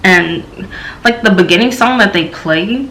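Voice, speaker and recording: A woman's voice: a bit bright, slight background noise, poor audio. A young woman from the American South with a light Southern accent, casually reviewing a TV episode in a rambling way with many fillers. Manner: rambling, filler-heavy, slow and low-key. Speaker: TV show reviewer.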